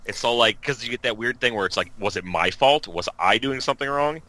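A man's voice: mid-range voice, a little fast, bright, forceful tone, rough recording. A man co-hosting a casual podcast chat, rambling with lots of fillers. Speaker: podcast co-host.

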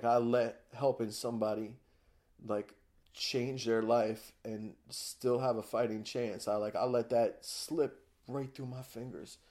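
A man's voice: medium pitch, darkish tone. A man guest on a podcast, telling a raw, emotional personal story in a candid way, with many fillers. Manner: raw, emotional, frequent fillers like "you know" and "like".

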